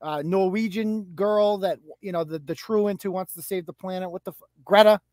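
A woman's voice: mid-range voice, normal speed, darkish tone, no room sound. A woman co-hosting a live talk show, giving heated, profane and mocking commentary. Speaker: co-host.

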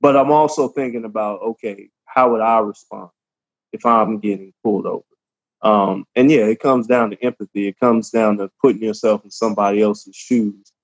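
A man who works as a police officer, talking calmly and at length in a casual podcast conversation. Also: fairly low pitch, lo-fi sound. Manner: calm, measured, explains at length.

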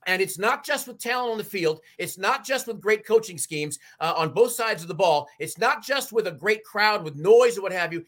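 A man's voice: high voice, lively intonation, normal speed, few pauses, a bit bright. A middle-aged man, passionately rallying fans on a sports talk show. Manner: fired-up, preachy, raises voice to rally fans.

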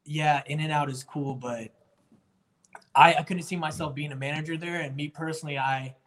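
A man's voice: on the high side, fairly even intonation, moderate pace, fairly bright tone. Earnest young man, Marine guest. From Jacksonville, North Carolina. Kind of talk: interview answers.

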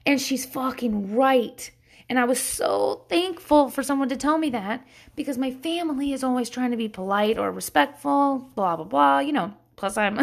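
A woman's voice: fairly high pitch, lively intonation, a little slow, gravelly, fairly bright tone. A woman, a mother of young kids, giving a candid, casual self-help talk, swearing freely and laughing often.

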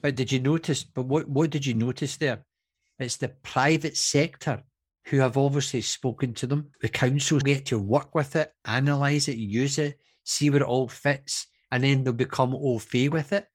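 A man's voice: mid-range voice, moderate pace. A man with a Scottish accent co-hosting a podcast, chatting eagerly and reading news items aloud. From Scotland. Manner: animated, enthusiastic, reads news aloud. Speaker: podcast co-host. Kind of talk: casual podcast chat.

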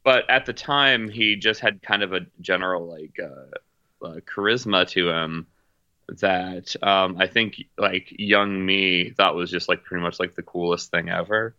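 A man's voice: deep voice, unhurried, pushed and bright, no echo, muffled recording. A man chatting casually about movies, rambling with lots of fillers and restarts. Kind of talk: casual chat.

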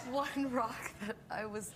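Giggly woman, slow and a bit high, telling a story as a talk show guest on a noisy TV clip. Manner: giggly, laughing through the story. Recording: TV clip with loud background noise.

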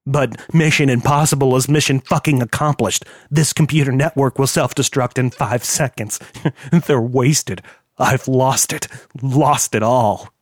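A man's voice: mid-range voice, steady tone, no echo, natural voice. A man putting on a furious heavyset hacker who hisses and rants, dragging out his bitter words and flaring into screams, voiced in a dry, close audiobook read. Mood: despairing. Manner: hissing, ranting, drawn-out bitter outbursts. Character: volatile heavyset male hacker, bitter, profane.

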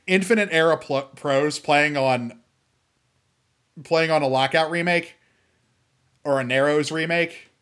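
A young man from the US hosting a casual solo show, rambling and animated, with many fillers and restarts. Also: on the high side. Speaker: podcast host.

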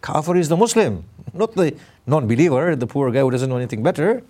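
A middle-aged man preaching a conversational sermon, putting questions to his listeners and slowing down to stress key words. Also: on the high side, animated, dark tone. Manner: questions the audience, emphatic with sudden slow stresses. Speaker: Islamic preacher.

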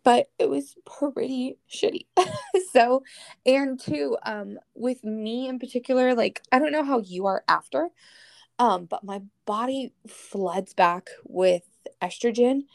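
A woman's voice: on the high side, slow, creaky, no echo. A woman as a podcast guest, telling a personal story in casual chat, candid and emotional, swearing casually.

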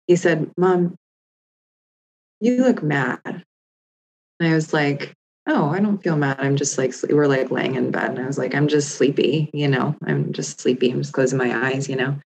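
A woman's voice: rumbling low, steady tone, moderate pace, a little mellow, husky, low-quality recording. A woman in her thirties, co-hosting a podcast, talking candidly and reflectively with lots of "like" fillers. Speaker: podcast co-host. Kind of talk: casual chat.

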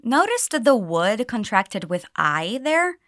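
A woman English teacher guides learners through a pronunciation drill, her pitch rising and falling in a lively way. She models each phrase with deliberate clarity so it can be echoed back. The sound is close and dry, with no room around it. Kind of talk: pronunciation lesson with repeat drills.

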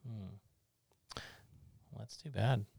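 A middle-aged man hosts a casual interview in an easygoing, rambling way. His voice sits fairly low and has a gravelly fry to it. He is recorded close, with a dry sound. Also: takes it slowly, mellow, no echo. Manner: easygoing, rambling, thinks aloud with fillers. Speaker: podcast host.

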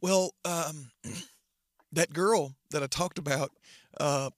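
A man's voice: on the high side, no echo, studio quality. A middle-aged man, a pastor, telling his testimony earnestly in an interview, with frequent halts and restarts. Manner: earnest, halting with many restarts. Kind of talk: personal testimony in conversation.

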